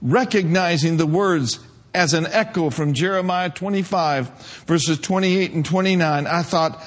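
A male pastor preaching a sermon, retelling a vision and rising to fervent shouts. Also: on the high side, a little slow. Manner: preacher reading a vision aloud, building to shouts.

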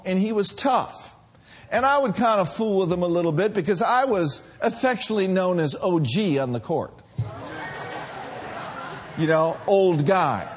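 A middle-aged male pastor preaching a sermon in a church, animated and laughing as he calls out to the congregation. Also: sits high.

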